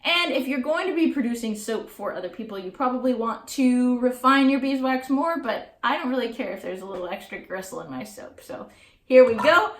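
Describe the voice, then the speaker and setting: A woman vlogging casually about her own farm work, relaxed and chatty as she explains each hands-on step. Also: a little high, brisk, echoey room. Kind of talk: casual how-to vlog. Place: heated room on her farm.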